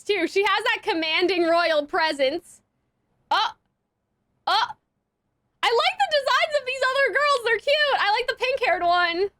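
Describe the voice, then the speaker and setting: High, bright-voiced young woman reacting. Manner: chatty, giggly, lots of fillers. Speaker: anime reaction youtuber. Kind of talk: casual reaction commentary.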